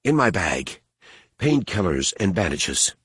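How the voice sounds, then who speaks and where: A man's voice: sing-song, takes it slowly, fairly bright tone, slightly rough, no room sound, studio quality, full character voice. Man doing a grim wounded male agent. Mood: grim, terse. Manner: grim, clipped and low.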